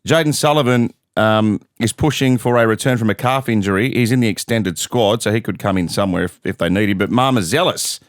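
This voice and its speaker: A middle-aged Australian man hosting a casual sports chat, briskly running through team news and odds. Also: fairly low pitch, dry recording, studio quality. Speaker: sports podcast host.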